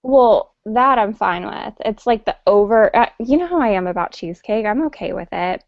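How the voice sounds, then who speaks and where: A woman with a gravelly, creaky edge talks through her opinions in a loose, hesitant way. The sound is dry and dull, like a lo-fi online call. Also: mid-range voice, no echo. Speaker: panelist. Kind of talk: casual chat. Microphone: video call.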